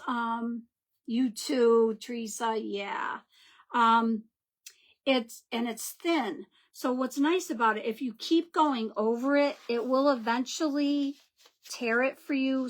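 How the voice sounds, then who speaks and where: A woman hosting a live crafting demo, chatting and greeting viewers by name as she works. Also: a little high. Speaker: craft livestream host.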